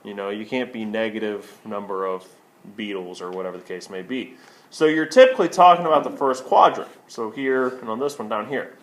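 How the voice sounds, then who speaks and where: A male math teacher with a fairly low voice talks a little fast through a screencast lesson on a tablet. He poses questions and answers them himself, saying "okay" a lot.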